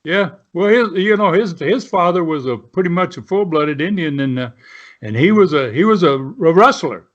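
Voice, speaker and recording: Man in his seventies, rambling with fillers and restarts, slightly high voice, dull lo-fi sound. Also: expressive, moderate pace. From southern United States. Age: 70s. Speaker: guest, retired pro wrestler. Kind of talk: casual storytelling.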